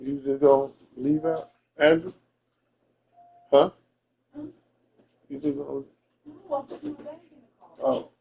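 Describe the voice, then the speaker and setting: A man's voice: medium pitch, flat delivery, slow, vocal fry, pauses often, muffled recording. A man telling a story in a casual, profane rant to a friend, emphatic and repeating himself.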